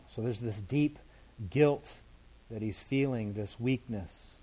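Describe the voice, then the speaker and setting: A man's voice: mid-range voice, slow pace, warm tone, breathy edge. A man, a pastor, teaching through scripture verse by verse in a conversational sermon, explaining it in plain everyday words.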